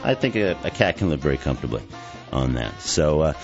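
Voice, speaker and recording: A man hosting a radio show, reading announcements in a lively way with frequent fillers like uh and um. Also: rumbling low, a little fast, gravelly, lo-fi sound, over music.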